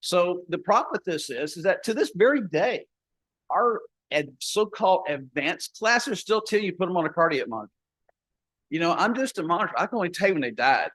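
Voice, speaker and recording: A folksy older man tells stories at a conference, slipping into the voices of the people in them. His voice sits a little high for a man. The sound is dry and close, with no room echo. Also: expressive, fairly quick, fairly bright tone. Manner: folksy, acts out dialogue in his story. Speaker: paramedic educator. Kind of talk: conference talk with storytelling.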